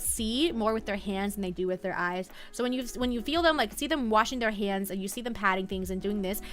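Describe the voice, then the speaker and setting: A woman's voice: mid-range voice, fairly bright tone. A woman live streamer chatting casually and playfully with her viewers, giggling as she reacts.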